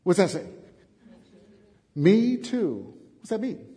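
A man giving a classroom lecture to teachers, animated and asking the class many questions. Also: sits high, slow pace, long reverb tail. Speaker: teacher trainer.

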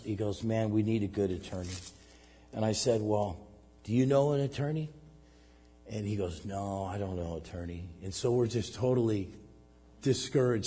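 A middle-aged man, a pastor and missionary, preaching a sermon and telling a personal story, stumbling over repeated restarts and swinging between loud outbursts and hushed asides. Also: a little high, breathy edge. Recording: long hall reverb.

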